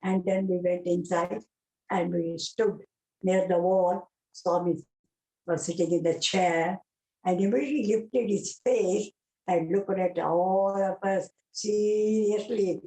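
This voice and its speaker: A woman's voice: on the low side, dark tone. An older woman from India with a South Indian English accent, recounting devotional experiences in an emotional, vivid way. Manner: emotional, vivid retelling with many exclamations. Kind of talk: devotional storytelling talk. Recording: roomy echo.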